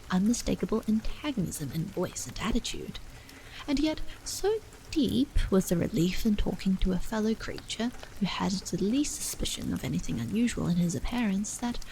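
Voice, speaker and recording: A woman reading a horror novel aloud as a bedtime story in a soft, slow whispered role-play, with rain falling behind her. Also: fairly high pitch, rough recording. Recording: faint rain noise behind.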